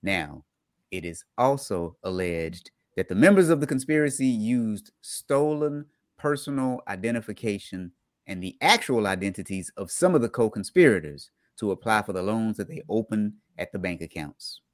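A man's voice: fairly low pitch, animated, normal speed, no room sound, clean studio sound. A man hosting a casual podcast, joking around and reading news items aloud before explaining them in plain terms. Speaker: podcast host.

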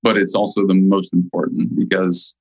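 A man speaking as a nutrition guest in a casual interview, emphatic and slowing down to stress key points. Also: sits low, flat delivery, dry recording, low-quality recording.

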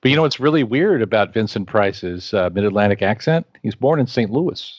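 A man's voice: lowish voice, animated, fairly quick, no room sound. A man co-hosting a podcast, chiming in with brief remarks in casual chat. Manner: brief interjections. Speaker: podcast co-host. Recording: dull lo-fi sound.

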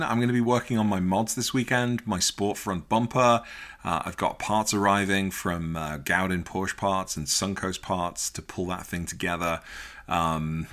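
Brit guy hosting a podcast, fairly low voice but bright, upbeat and chatty. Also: fairly even intonation, moderate pace. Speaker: podcast host. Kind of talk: casual podcast chat and outro.

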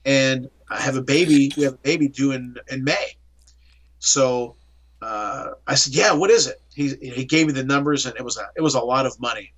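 This interview guest is a middle-aged Pittsburgh-area man whose medium-pitched voice runs at normal speed. He recounts his story in an animated way, performing the lines of dialogue himself.

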